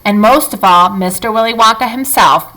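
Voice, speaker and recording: A woman reading a children's book aloud in an expressive, lively storytelling manner. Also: on the high side, moderate pace, low-quality recording.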